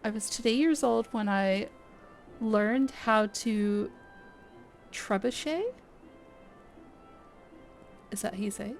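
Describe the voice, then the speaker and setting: A woman's voice: medium pitch, measured pace, faint music behind. A woman from Texas streaming a game, chatting casually and laughing at herself often. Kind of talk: casual chat while playing.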